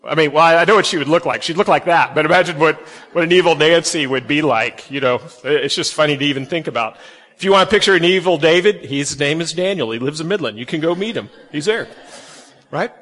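A man preaching a sermon to kids and families, folksy and animated, acting out the quotes he reads. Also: fairly high pitch, a little fast, long reverb tail. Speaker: pastor.

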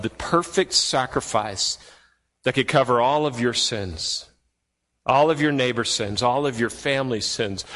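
Man, pastor, sermon, mid-range voice, emphatic, rhetorical questions, loud-to-soft swings, long hall reverb. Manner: swings from loud and high to low and quiet. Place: church sanctuary.

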